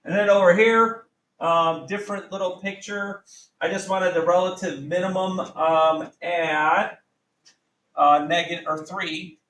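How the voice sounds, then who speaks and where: Casual male math teacher, higher voice. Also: fairly even intonation, a little slow, fairly bright tone, slight background noise. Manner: casual, self-correcting, asks the class questions. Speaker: high school math teacher. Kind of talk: classroom lecture.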